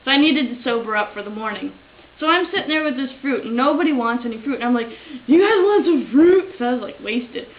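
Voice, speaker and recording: A woman casually telling a funny story, giggly, with a drawn-out comic delivery. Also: a little high. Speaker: vlogger. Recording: echoey room, dull lo-fi sound, faint hiss.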